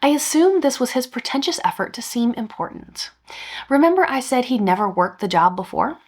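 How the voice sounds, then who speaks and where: A woman's voice: fairly high pitch, lively intonation, fairly quick, a little mellow. A woman, hosting a podcast and reading a revenge story aloud with dry asides. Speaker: podcast host reading stories.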